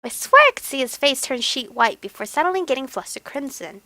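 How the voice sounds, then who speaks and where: A woman's voice: high-pitched, sing-song, brisk, bright, forceful tone, dry recording. A young woman reading an otome game aloud and commenting on it in a playful, giggly, dramatic way. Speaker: game streamer.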